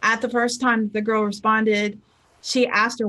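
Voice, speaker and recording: Woman, spiritual teacher, motivational talk, chatty, acts out quotes, fairly high pitch. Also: flat delivery, normal speed, fairly bright tone. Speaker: spiritual teacher and life coach. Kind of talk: motivational talk with client stories.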